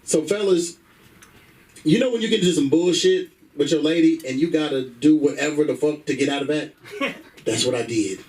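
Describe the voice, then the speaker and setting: A man doing stand-up with a brash, profane storytelling style. His voice sits a little higher than most men's, and he speaks into a stage microphone at a comedy club. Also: moderate pace, a little mellow, far from the mic, rough recording.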